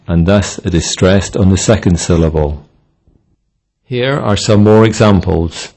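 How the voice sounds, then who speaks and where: A man narrating a scripted pronunciation lesson, reading example words one by one in a measured way. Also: low voice, a little mellow. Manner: measured, reads word lists one by one. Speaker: English pronunciation instructor.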